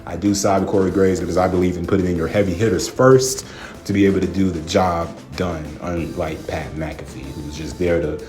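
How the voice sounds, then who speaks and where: Speaking briskly in a low, darkish voice with a steady tone, this wrestling vlogger delivers profane, ranting commentary. He laughs a lot and keeps saying "man," "bro," and "y'all," against faint music in an echoey room.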